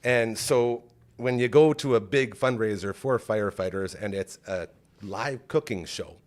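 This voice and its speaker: A man's voice: on the low side, a little slow. A man hosting a podcast, telling an emotional story in a rambling, casual way with lots of "like". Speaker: podcast host. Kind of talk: casual chat.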